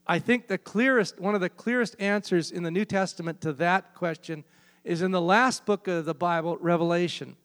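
A man's voice: high voice, normal speed, a bit bright. A man preaching a sermon, emphatic and repeating key phrases for weight. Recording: long hall reverb.

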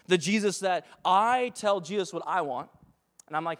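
A young pastor delivers a lively sermon, slipping in little acted voices of doubting people. His voice sits high for a man. The sound rings with the long reverb of a church hall. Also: moderate pace.

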